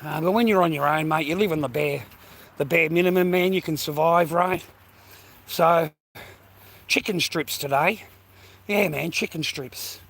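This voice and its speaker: Walking outside and vlogging, this Australian man talks at an unhurried pace in a fairly high, creaky, fairly bright voice, pausing often. His rant is rambling, slangy and full of swearing, and he's a little winded.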